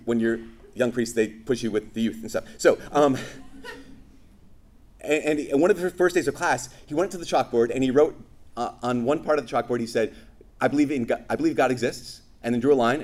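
A man preaches a sermon with animated storytelling. He slips into quoted voices as he retells scripture and anecdotes. His pitch sits in an ordinary middle range. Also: a little fast.

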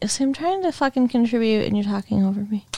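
A woman's voice: a little high, animated, quick pace, warm tone, slight background noise. A woman co-hosting a casual movie review podcast, dry, blunt and sarcastic. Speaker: podcast co-host.

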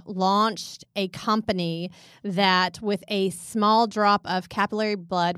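Animated woman podcast co-host storytelling. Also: fairly low pitch, clear, resonant tone, no room sound, studio quality. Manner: animated storyteller, acts out quotes. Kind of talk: casual chat.

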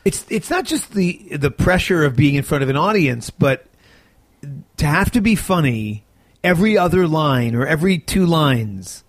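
Tired, chatty man with a high-ish voice. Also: moderate pace, dry recording. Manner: animated, chatty storyteller. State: tired, yawning. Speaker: actor and sitcom co-creator. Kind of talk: casual interview talk.

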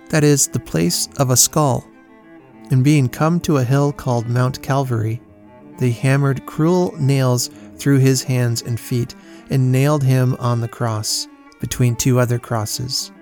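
A man reads a children's Bible story in a steady, solemn storyteller's voice of middle pitch. His pacing is measured and careful. Soft guitar plays faintly underneath. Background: faint guitar music.

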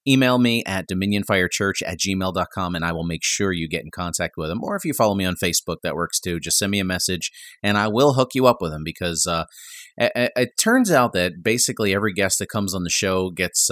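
A man's voice: deep voice, a bit bright, no echo, clean studio sound. A man hosting a Christian talk show, chatty and enthusiastic with his guest. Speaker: podcast host.

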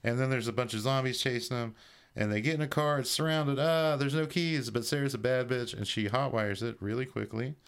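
A man's voice: mid-range voice, fairly even intonation, a little fast, clean tone. A man co-hosting a horror movie podcast, recapping a plot in a loose, profane storytelling way. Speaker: podcast co-host. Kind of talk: casual chat, recapping a film plot.

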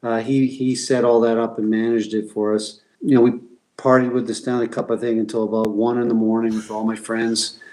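Flat-toned man telling stories, halting. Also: mid-range voice, low-quality recording. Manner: halting, many fillers and restarts. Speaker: guest, former pro hockey player. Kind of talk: relaxed interview storytelling.

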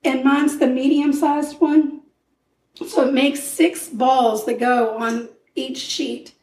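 A woman co-hosting a podcast with a weak, strained voice, calmly explaining a recipe in casual chat. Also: sits high, slow pace, reverberant, recorded from a distance, low-quality recording. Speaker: podcast co-host.

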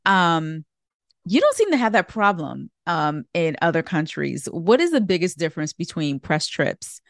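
A woman's voice: low voice, big pitch swings, normal speed, creaky, dry recording, clean studio sound. A woman hosting a podcast in a casual, chatty way, asking questions and laughing easily. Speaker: podcast host.

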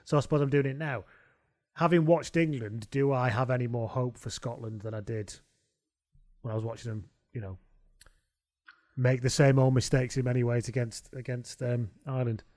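Casting note: mid-pitched man, dry wit, relaxed profane chat. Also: moderate pace, dry recording. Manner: dry, wry asides, swears freely. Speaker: podcast co-host. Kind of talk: casual sports chat.

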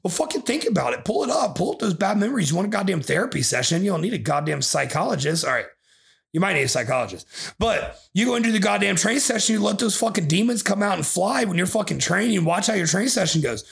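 A man's voice: high voice, lively intonation, fast, creaky, a bit bright. A man hosting a podcast as a bodybuilding coach, ranting in an aggressive, profane way and swearing constantly.

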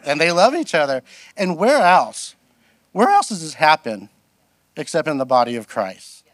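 This middle-aged man's voice is fairly high and unhurried, recorded with no room sound. As a guest pastor giving a storytelling sermon, he's animated and self-deprecating, recounting comic personal stories and acting out other people's voices.

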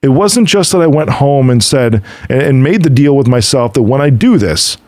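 A man's voice: medium pitch, lively intonation, normal speed, darkish tone, no echo, studio quality. A middle-aged man hosting a podcast, talking casually in a motivational monologue and acting out conversations as he tells stories. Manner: storytelling, quotes others and himself; casual, swears now and then. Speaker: podcast host.

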